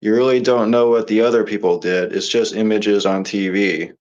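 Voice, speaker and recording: A judge questioning witnesses in a measured, deliberate way, read by a man. The voice is lowish and comes through dull, lo-fi audio. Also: steady tone, darkish tone, natural voice. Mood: skeptical.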